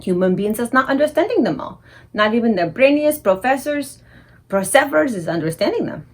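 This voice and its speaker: A woman voicing a big, gentle male giant who speaks in odd, ungrammatical English. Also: on the high side, animated, brisk. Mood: musing. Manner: ungrammatical, earnest giant speech.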